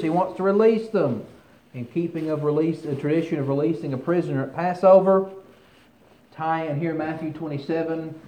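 A man's voice: fairly high pitch, darkish tone, reverberant, low-quality recording. A man preaching a sermon, reading scripture aloud with rising force and then commenting on it in a conversational way.

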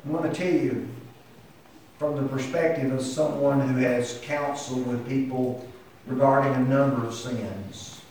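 A man's voice: medium pitch, steady tone, unhurried, darkish tone, a little hiss or hum. A man preaching a sermon with impassioned delivery that climbs to emphatic peaks. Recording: echoey hall heard from a distance.

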